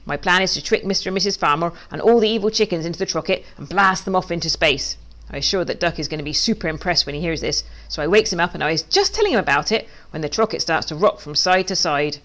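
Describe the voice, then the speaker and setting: A woman, a children's author, reading her storybook aloud in a lively, playful way. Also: on the low side, fast talker.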